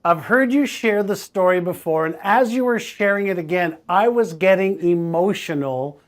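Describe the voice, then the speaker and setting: A middle-aged man hosts the conversation in a thoughtful, affirming tone. His voice sits at a moderate pitch and his delivery is reflective. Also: normal speed. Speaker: host. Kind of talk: conversational interview.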